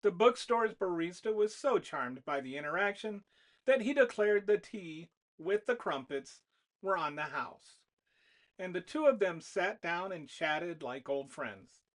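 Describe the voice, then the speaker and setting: An author reading a whiteboard novella aloud as the narrator, in an expressive manner. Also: mid-range voice, unhurried. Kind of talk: storybook narration.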